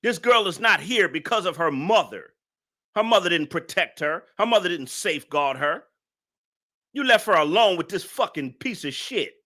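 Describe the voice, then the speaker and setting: A man's voice: high-pitched, expressive, normal speed, bright, forceful tone. A man hosting a reaction commentary, ranting angrily and repeating himself with heavy profanity. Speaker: commentary channel host.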